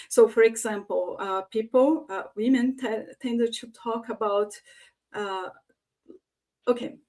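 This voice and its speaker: Woman doing an online talk over a video call, bit high-pitched, lots of uhs, tries out lines in different tones. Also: mellow. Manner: frequent fillers, demonstrates phrases in varied tones. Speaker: conference speaker. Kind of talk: online presentation on voice and leadership.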